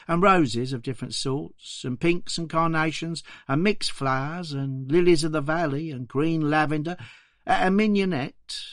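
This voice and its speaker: A poor young orphan flower girl with an English accent, put on by a man reading a documentary. She answers simply and modestly, never chatty. The voice sits higher than his own, close and dry. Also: no echo, close to an everyday voice. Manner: plain, simple, answering politely. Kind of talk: documentary reading of a quoted interview.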